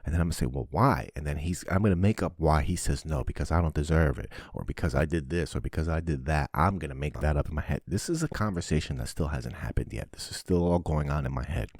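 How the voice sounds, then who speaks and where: Very deep-voiced man swearing as he rambles. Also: fast, few pauses, husky, no echo, clean studio sound. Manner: swears often, animated and preachy. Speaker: podcast host. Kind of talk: casual monologue.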